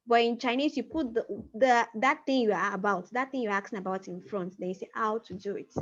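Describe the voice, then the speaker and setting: A woman teaching a language class over a video call, explaining patiently and slowing down to repeat key phrases. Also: on the high side. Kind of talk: online class lecture. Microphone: computer mic on a video call. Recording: muffled video-call audio.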